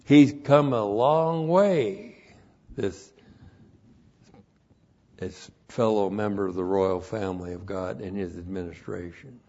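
A man's voice: on the low side, slow, long pauses, warm tone. A man teaching a Bible study on Greek words, methodically repeating numbered points and spelling terms letter by letter. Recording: dull lo-fi recording.

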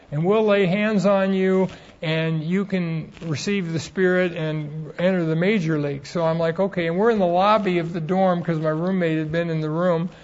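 Guy with a kinda high voice lecturing on theology, earnest, dull lo-fi audio. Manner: earnest, explanatory, recounts personal stories. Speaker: Bible teacher. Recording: dull lo-fi recording.

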